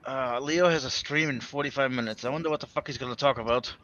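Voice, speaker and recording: Bright-voiced man hosting a livestream. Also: medium pitch, quick pace, muffled recording, slight background noise. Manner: rambling, hesitant, repeats words, swears casually. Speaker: livestream host. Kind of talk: casual chat.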